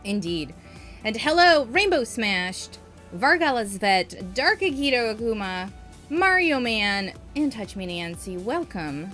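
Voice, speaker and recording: A young woman co-hosts a casual podcast, bubbly and quick to giggle. Her pitch swings widely as she talks, and she often trails off mid-thought. Faint music plays behind her. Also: very animated, fairly bright tone. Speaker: podcast co-host. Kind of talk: casual chat.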